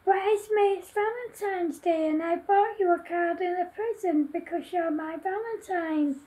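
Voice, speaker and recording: A man's voice: very high voice, unhurried, darkish tone, poor audio. Sulky little monster boy, read by a woman. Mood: hurt.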